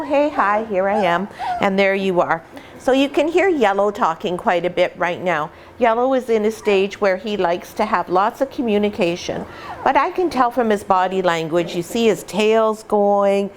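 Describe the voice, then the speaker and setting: A middle-aged woman who breeds puppies, explaining patiently and warmly in an instructional vlog at home, sometimes slipping into playful voices. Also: medium pitch, slight background noise. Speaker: puppy breeder.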